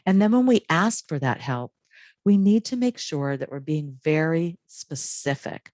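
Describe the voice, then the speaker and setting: Low-voiced woman giving a calm talk. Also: measured pace, no echo. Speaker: wellness trainer. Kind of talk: presentation.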